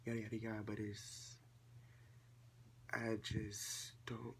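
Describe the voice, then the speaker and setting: A seventeen-year-old young man, a vlogger telling a casual storytime at home and acting out quoted dialogue in a chatty, animated way. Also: fairly low pitch, slow pace, vocal fry, slight background noise. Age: late teens.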